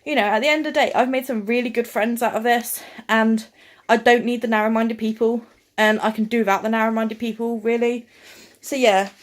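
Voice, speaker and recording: Young woman vlogger, high-pitched, blunt and fired up, venting straight to camera. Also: fairly even intonation, brisk. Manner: blunt, heated, sweary. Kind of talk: ranting to camera.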